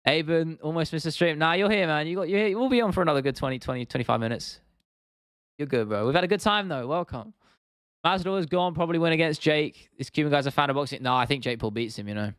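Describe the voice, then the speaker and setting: Laid-back young British man, smooth voice. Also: on the high side, animated, fast talker, fairly bright tone, no room sound, studio quality. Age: 20s. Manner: laid-back, chatty, swears casually, says "bro". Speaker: livestream host. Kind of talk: casual livestream chat reading viewer comments.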